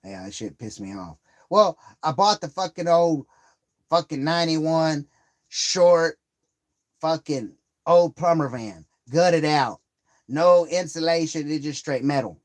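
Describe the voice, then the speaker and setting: Profane rambling man, voice on the high side. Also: lively intonation, slow. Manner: profane, rambling, swears constantly; heated and worked up while retelling a grievance. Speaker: live streamer. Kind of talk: casual live-stream storytelling.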